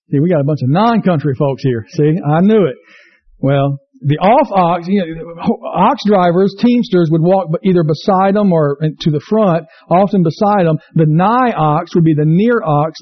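A man's voice: high-pitched, dull audio. A man preaching a folksy, joking sermon in a church, asking the congregation questions as he tells stories. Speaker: pastor. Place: church sanctuary.

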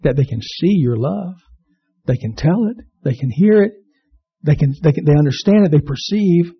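A man preaches in an easy, conversational way and pokes fun at himself between jokes and scripture. His voice sits a bit high and has a gravelly edge. The recording is dull and lo-fi. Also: animated, moderate pace. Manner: conversational, self-deprecating, joke-telling. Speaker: pastor. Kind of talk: sermon.

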